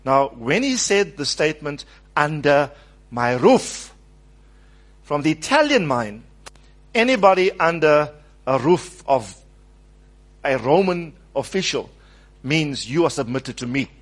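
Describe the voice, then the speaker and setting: A man preaches a sermon with a somewhat high voice that swings widely. He leans hard on key words and calls on the congregation to say words back to him. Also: sing-song, takes it slowly, long pauses. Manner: stresses words and acts out quoted speech.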